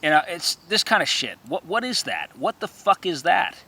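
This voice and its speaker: A man's voice: high voice, very animated, normal speed, sharp tone. A man in a rambling monologue who stammers, repeats himself and erupts into profane, threatening rants.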